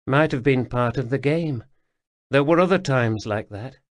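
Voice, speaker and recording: A man reading an audiobook voices the ghost of a dead woman soldier who speaks in a quiet, murmuring, resigned way. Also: medium pitch, moderate pace, no echo, natural voice. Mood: calm, wry. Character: female soldier's ghost, calm, wry, gentle.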